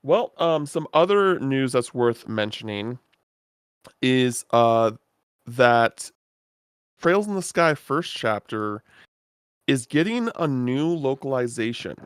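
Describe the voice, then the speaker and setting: A man co-hosting a video game podcast, talking in a relaxed, hesitant way with many "uh"s and "um"s. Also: medium pitch, slow, smooth, no echo, studio quality. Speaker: podcast co-host. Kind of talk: casual chat.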